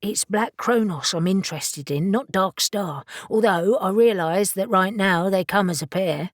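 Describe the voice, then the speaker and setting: A woman's voice: mid-range voice, unhurried, dry recording, studio quality, natural voice. Woman doing a wry, polite Englishman. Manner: polite, self-effacing, wry. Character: nonchalant, rumpled Englishman, wry charmer.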